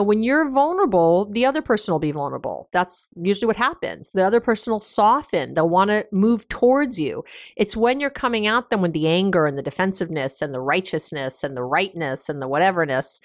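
A woman hosting an advice podcast as a couples therapist, talking casually with lots of fillers, restarts and lively emphasis. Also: mid-range voice, no room sound, clean studio sound.

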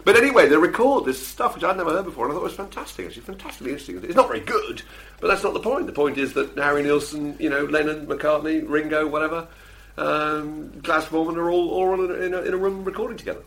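A man's voice: fairly high pitch, quick pace, fairly bright tone. A middle-aged man, chatting casually as a podcast co-host, self-deprecating and full of fillers and restarts. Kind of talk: casual chat.

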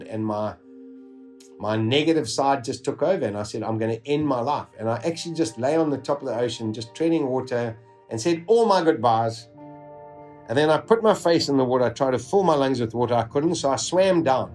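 A man telling a dramatic survival story in a vivid, animated way, with dark humor and chuckles, acting out his own inner voice. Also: mid-range voice.

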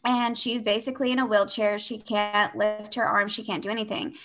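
Bright, animated young woman storyteller. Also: mid-range voice, brisk. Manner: animated storyteller, frequent "like" fillers. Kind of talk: casual conversation, personal storytelling.

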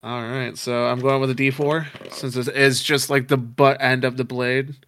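A man playing in a casual tabletop game, quick and correcting himself. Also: mid-range voice, level tone, background noise. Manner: fast, self-correcting. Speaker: player.

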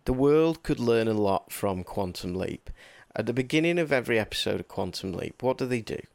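A man's voice: medium pitch, expressive, brisk, creaky, a little mellow, no echo. Joking man co-hosting a podcast. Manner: rambling, jokey, self-deprecating. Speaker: podcast co-host. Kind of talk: casual chat.

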